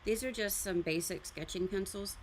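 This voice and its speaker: A woman's voice: mid-range voice, moderate pace, slight background noise. A woman hosting a casual live art stream, chatting loosely and explaining her drawing pencils as she goes. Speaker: art livestream host. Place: art studio.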